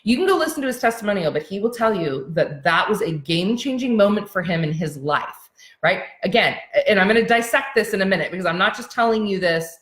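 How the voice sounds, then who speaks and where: Animated woman coach in echoey room. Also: medium pitch, a little fast. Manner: animated, chatty, many fillers and acted-out quotes. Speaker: business coach. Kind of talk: workshop teaching with storytelling. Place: seated in a roomy space, sitting cross-legged.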